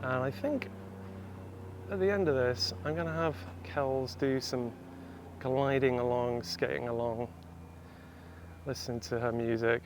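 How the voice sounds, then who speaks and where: A man hosting a photography vlog outdoors by canals, explaining his shots in a relaxed way. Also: medium pitch, a little slow, long pauses, a little hiss or hum. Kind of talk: vlog narration.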